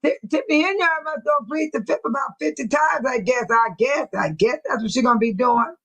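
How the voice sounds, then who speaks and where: A woman's voice: high voice, fairly bright tone, rough recording. A woman hosting a casual livestream, chatting with viewers, repeating herself and laughing often. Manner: repetitive, chatty, quick to laugh. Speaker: livestream host. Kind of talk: casual live chat with viewers.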